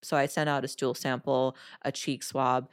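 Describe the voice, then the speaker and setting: A woman hosting a podcast, her voice sitting unusually deep for a woman. She tells her own story casually and quotes her past self with lively bursts. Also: normal speed, smooth. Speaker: podcast host. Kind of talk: casual interview, personal storytelling.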